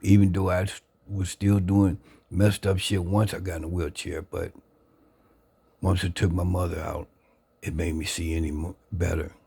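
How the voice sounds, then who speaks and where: Low, gravelly man telling his story. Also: flat delivery, a little mellow. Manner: earnest, reflective, drawn-out. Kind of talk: personal testimony, casual talk. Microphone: phone camera.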